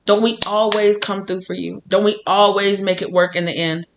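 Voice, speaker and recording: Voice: mid-range voice, steady tone, moderate pace, fairly bright tone, close to an everyday voice. A tarot reader voicing a spirit guide that talks to the listener bluntly but with affection. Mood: reassuring.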